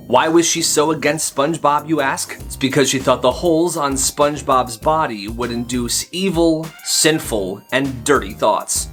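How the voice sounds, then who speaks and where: A man narrating funny school stories in a lively, hyped-up storytime style. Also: medium pitch, moderate pace, few pauses. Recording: faint music behind.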